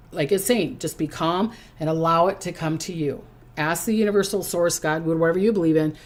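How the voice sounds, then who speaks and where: A woman's voice: fairly low pitch, darkish tone. A woman psychic giving a casual livestream astrology reading, chatty and reassuring, often laughing and checking in with "okay?".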